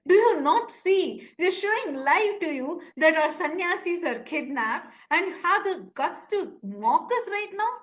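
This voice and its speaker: A woman with a high, bright voice makes an urgent live-streamed appeal. She talks in an impassioned way, pleading with listeners and turning indignant at critics. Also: lively intonation, unhurried, hardly any pauses.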